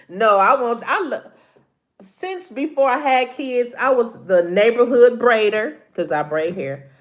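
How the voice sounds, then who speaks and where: A woman's voice: fairly high pitch, expressive, unhurried. A middle-aged woman chatting casually with viewers on a live stream, laughing often, a little congested from allergies.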